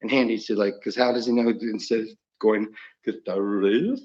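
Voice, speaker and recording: A man's voice: on the low side, level tone, a little fast, darkish tone, highs cut off. A man talking in a rambling monologue, chuckling often mid-sentence and trailing off into restarts.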